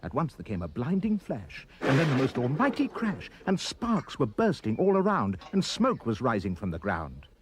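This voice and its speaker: A man reading a rhyming children's poem aloud with expressive, sing-song delivery. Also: mid-range voice, moderate pace, few pauses, background noise. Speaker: reader.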